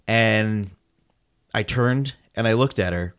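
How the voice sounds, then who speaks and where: A man's voice: fairly low pitch, slow pace, smooth. A man telling a story in casual chat, acting out the quotes and swearing freely. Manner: animated storytelling with acted-out quotes.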